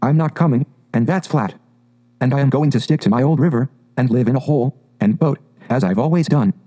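A man's voice: mid-range voice, fast, mellow, close to an everyday voice. A man voicing a sensible, stubborn male water rat who speaks in a dry, blunt way.

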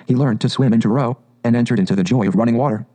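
A man narrating a classic storybook in an even, unhurried audiobook reading. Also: medium pitch, poor audio.

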